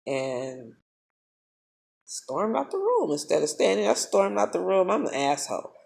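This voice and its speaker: A woman talks straight to the camera, recounting a story in a casual vlog. Her voice is gravelly and mid-pitched, and her manner is blunt, profane and animated. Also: a little fast, slight background noise. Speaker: spiritual vlogger.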